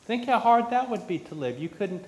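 A man's voice: high voice, lively intonation, moderate pace, a little mellow. A man giving a children's sermon in church, questioning the children as he talks. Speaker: pastor. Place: church sanctuary. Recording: echoey church with faint room noise.

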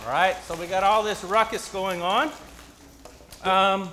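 A man leading an interactive Bible story in church, coaxing his listeners to make sound effects and shouting the quoted lines himself. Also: sits high, normal speed, a little hiss or hum. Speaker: preacher leading a children's message.

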